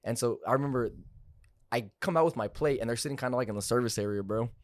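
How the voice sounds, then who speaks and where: A man's voice: medium pitch, fast, no room sound, studio quality. A young man, a car salesman and podcast guest, telling a story in loose, profane casual chat. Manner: loose, profane, lots of fillers like "like" and "bro".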